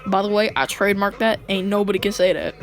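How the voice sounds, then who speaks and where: A woman's voice: medium pitch, steady tone, fast talker, soft background music. A woman casually telling a fan-fiction story in slangy, joking talk, often breaking into laughter.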